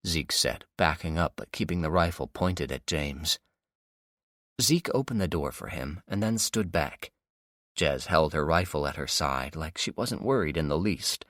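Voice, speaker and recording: A man narrating an audiobook in steady, dramatic storytelling. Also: extremely low pitch, a little slow, no room sound, clean studio sound. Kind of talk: scripted narration.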